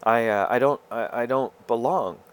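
A man hosting his own podcast, talking through a halting, confessional monologue full of fillers and restarts. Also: mid-range voice, clean tone. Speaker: podcast host. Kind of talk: rambling personal monologue.

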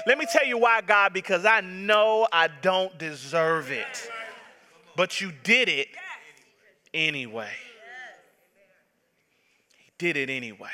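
A man's voice: high-pitched, pushed and bright. A man in his thirties, a pastor preaching a sermon with impassioned, emphatic repetition. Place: church sanctuary. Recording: long reverb of a large hall.

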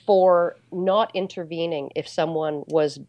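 A woman guest in a casual interview, explaining her points deliberately with many fillers. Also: lowish voice, fairly even intonation, a little mellow, dry recording.

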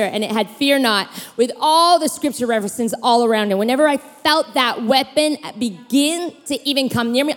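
A woman preacher in her thirties telling personal stories in an animated sermon, acting out voices and leaping in pitch. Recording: long hall reverb.

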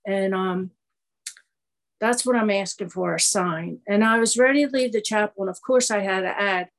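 Middle-aged woman telling her story at a recovery meeting, rambly, lots of um and like, average pitch. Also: moderate pace, low-quality recording. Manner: conversational, rambling, many fillers and restarts. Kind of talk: personal testimony storytelling.

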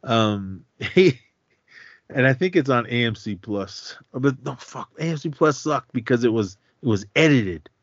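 A man's voice: medium pitch, measured pace, dry recording. Guy recapping a movie on a podcast, keeps laughing, does the characters' lines, kinda muffled dry audio. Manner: laughs often, animated retelling of scenes. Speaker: podcast co-host. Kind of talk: casual movie recap chat.

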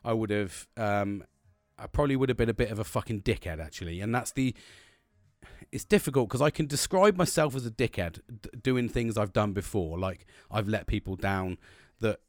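A man's voice: on the low side, brisk, dry recording, studio quality. A man giving a casual motivational talk, rambling and earnest, with a lot of swearing.

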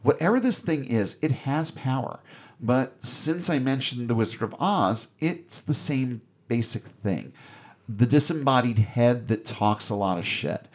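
A man's voice: medium pitch, expressive, unhurried, husky. Sarcastic man recapping a film. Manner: sarcastic, irreverent. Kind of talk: casual commentary recapping a film.

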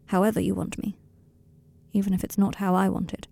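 A woman's voice: medium pitch, level tone, a little fast, creaky, warm tone, no echo. A woman voicing an anxious young man who pleads through tears in an audiobook-style fan fiction reading. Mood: pleading. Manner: pleading, emotional, breaking. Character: tearful anxious young man confessing love.

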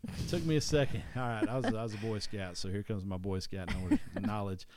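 A deep-voiced man with an East Tennessee Southern accent talks history casually, like a podcast co-host. He rambles, restarts his sentences and corrects himself as he goes. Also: fairly even intonation, a little fast, a crowd in the background.

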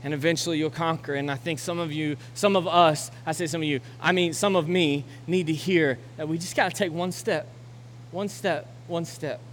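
A young adult man preaching a sermon as pastor, building to loud, urgent exhortation and then closing in a quiet, reflective way. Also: fairly high pitch, steady tone, a little fast, hardly any pauses. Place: church auditorium. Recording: long hall reverb with faint noise.

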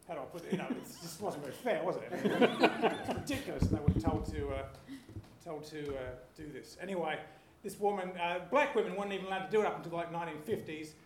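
A man's voice: fairly high pitch, fast, a crowd in the background. A man in his forties telling a rambling, self-deprecating story as a panellist, apologizing as he goes. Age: 40s. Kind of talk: rambling comedic anecdote. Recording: echoey room with faint hiss.

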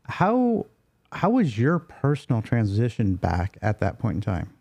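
A man's voice: fairly low pitch, huge pitch swings, measured pace, gravelly, a little mellow. A man interviewing a guest, asking brief, prompting questions.

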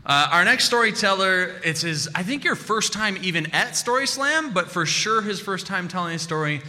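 A man's voice: high-pitched, animated, moderate pace, bright, forceful tone. A man hosting a live storytelling event, introducing the next storyteller in a loose, giggly way. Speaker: event host. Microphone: stand microphone. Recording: long hall reverb with crowd.

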